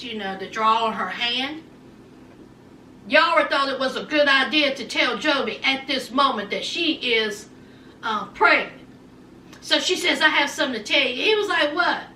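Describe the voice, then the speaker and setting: A woman recapping a reality show in a sassy, animated way, acting out the people she quotes. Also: high voice, a little hiss or hum. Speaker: recap vlogger. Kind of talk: casual TV recap chat. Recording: echoey room, mic at a distance.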